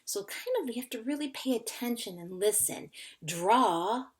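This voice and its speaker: A woman's voice: fairly high pitch, big pitch swings, normal speed. A woman teacher giving a recorded phonics lesson to children, patiently sounding out and spelling words. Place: indoors at a whiteboard.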